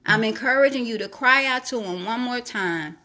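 A woman's voice: fairly high pitch, moderate pace, pushed and bright. A woman preaching a devotional, reading scripture and urging listeners to trust God, with repeated phrases for emphasis. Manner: reads scripture aloud, then comments on it. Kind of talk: sermon-style devotional teaching.

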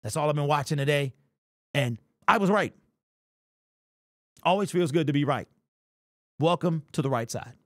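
A man's voice: a little high, a little fast, no echo, clean studio sound. A man hosting a fan commentary channel, talking in an amped, emphatic way and repeating his points. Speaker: sports channel host.

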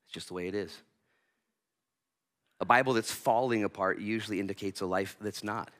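A man preaching a sermon from the pulpit, his voice on the low side but bright and forceful. He moves between calm teaching and animated stretches where he acts out little voices and breaks into loud outbursts. It sounds like a pastor addressing his church. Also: moderate pace. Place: church sanctuary.

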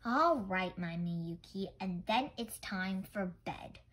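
A woman voicing a patient, weary old grandfather who gently coaxes a child to bed. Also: medium pitch, animated, takes it slowly, poor audio. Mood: coaxing. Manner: coaxing, repeating gently.

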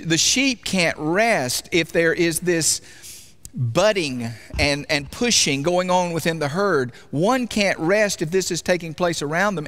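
A man's voice: on the high side, fairly bright tone. A man preaching a sermon in a church, talking conversationally and asking his congregation questions. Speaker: pastor.

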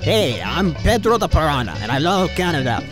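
A man voicing a cheeky male piranha in a mock Mexican accent, with slow, leering, sing-song taunts. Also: fairly high pitch, very animated. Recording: old sketch under loud music.

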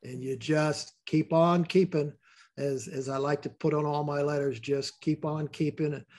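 A man's voice: fairly high pitch, level tone, measured pace, a little mellow. An older man talking as a guest in a casual interview, rambling and repeating words as he tells stories.

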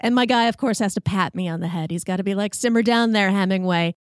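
A woman hosting a podcast, telling a funny personal story in a wry, self-mocking, animated way. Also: mid-range voice, fast, dry recording, studio quality. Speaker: podcast host.

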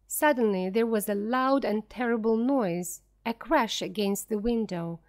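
A woman reading a ghost story aloud for English learners, slowly, clearly and deliberately. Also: a little high. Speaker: audiobook narrator. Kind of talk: scripted narration for English learners.

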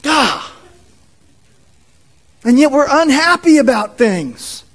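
Man, pastor, sermon, high voice, animated, folksy. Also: slow pace. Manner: animated, folksy, acts out quotes.

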